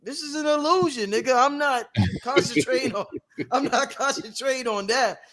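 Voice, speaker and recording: A flippant God speaks in a high, offhand voice, as a man puts him on. He is mocking and dismissive. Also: normal speed, a bit bright.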